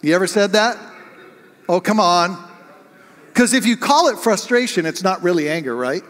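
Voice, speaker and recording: A male pastor preaches with a slightly raised pitch, throwing rhetorical questions out to his listeners. His voice carries a long reverb, as if it is filling a large hall. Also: animated, a little fast. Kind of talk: sermon.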